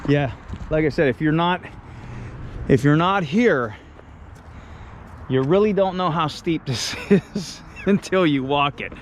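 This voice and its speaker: A slow-talking, fairly high-voiced man, winded and laughing as he climbs a steep brick street. He chats to his handheld camera outdoors. Faint traffic noise hums behind him. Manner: chatty, laughs often, easily excited. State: out of breath. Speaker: travel vlogger. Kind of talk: casual vlog walkthrough.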